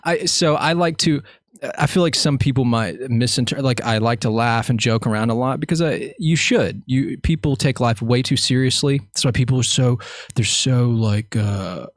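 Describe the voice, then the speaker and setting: A man hosts a casual podcast interview in a loose, jokey way, often poking fun at himself as he rambles. His voice sits at a middle pitch, and the recording is dry and close. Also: normal speed, no echo. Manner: jokey, rambling, self-mocking. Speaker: podcast host.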